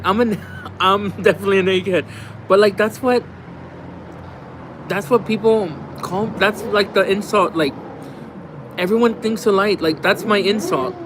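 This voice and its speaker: A man's voice: high-pitched, moderate pace, pauses often, noisy background. A man hosting a livestream in casual chat, rambling, swearing and laughing a lot as he answers viewers. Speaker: livestream host. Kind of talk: casual chat while reading viewer comments.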